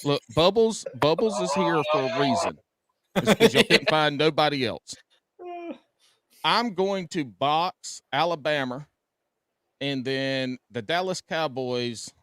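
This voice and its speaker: A man's voice: a little high, takes it slowly, a bit bright, dry recording. A man chatting rowdily on a podcast, laughing and swearing. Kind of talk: casual podcast chat.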